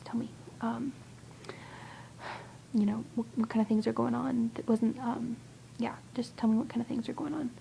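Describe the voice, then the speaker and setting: A young woman chats to a friend in a hushed, rambling whisper, hesitant and full of fillers. Her voice sits a bit high but sounds dark and gravelly. A faint noise hums behind her. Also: low-quality recording. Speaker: vlogger. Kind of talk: casual whispered video chat to a friend.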